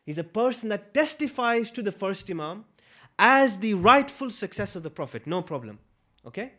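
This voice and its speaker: A man delivering a religious lecture, posing one rhetorical question after another. His voice sits high and swings widely in pitch. He presses his points with emphasis. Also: very animated, normal speed, bright, forceful tone.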